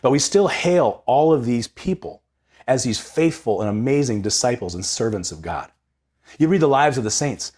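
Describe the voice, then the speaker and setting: A young man hosts a casual reflection on scripture with a husky, slightly breathy voice. His pitch swings widely as he talks. He speaks with energy and conversational ease, and repeats words when he gets excited. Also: moderate pace. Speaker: host of a Sunday readings reflection.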